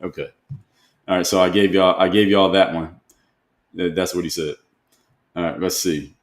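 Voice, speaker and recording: A man's voice: low voice, fairly even intonation, normal speed. A man hosting a live stream, reading viewer comments aloud and answering them in a conversational way, often repeating rhetorical questions. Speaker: host. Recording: roomy echo.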